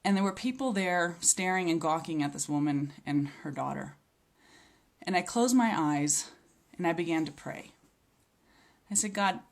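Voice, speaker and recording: A woman giving a personal faith testimony, earnest and reflective, with small hesitations as she tells what happened. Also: fairly low pitch. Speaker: speaker sharing a healing testimony.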